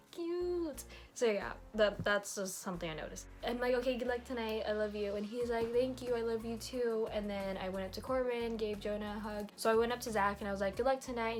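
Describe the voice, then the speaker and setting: A bubbly young woman chats through a casual storytime vlog, her voice sitting a little high. She talks quickly and loosely, leaning on "like" and "literally". Faint music plays softly underneath. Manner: bubbly, chatty, fills with "like" and "literally". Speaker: vlogger.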